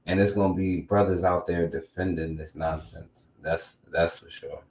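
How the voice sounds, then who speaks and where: A man's voice: low voice, steady tone, normal speed, a little mellow, reverberant. A man hosting a casual talk show, rambling loosely and often tagging his sentences. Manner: loose and rambling, lots of filler tags. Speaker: podcast host. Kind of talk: casual commentary.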